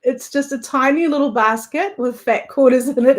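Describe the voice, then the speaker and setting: A woman with a New Zealand accent hosts a live craft session, talking casually and warmly to her viewers. Her voice sits a little high, and she laughs easily between remarks. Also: normal speed. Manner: chatty, laughs easily, friendly asides to viewers. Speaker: craft livestream host.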